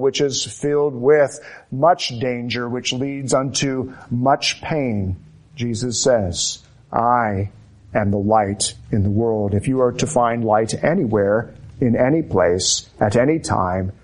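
A man preaching a sermon, slow and emphatic, building repeated phrases with dramatic pauses. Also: medium pitch, a little mellow.

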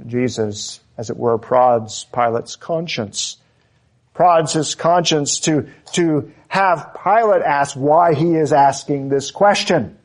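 A man preaching an expository sermon, emphatic and deliberate, repeating key phrases for stress. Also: a little high.

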